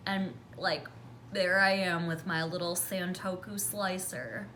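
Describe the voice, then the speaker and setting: A woman with a fairly low voice tells a sarcastic story while doing her makeup, taking her time. She slips into hushed tones to act out what others said. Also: slow pace, slight background noise. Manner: chatty, sarcastic, acts out quotes in hushed voices. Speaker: beauty vlogger.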